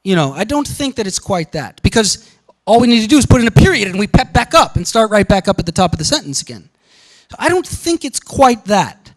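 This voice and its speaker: A man giving a university lecture, animated and often checking in with the class. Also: high voice, brisk, poor audio.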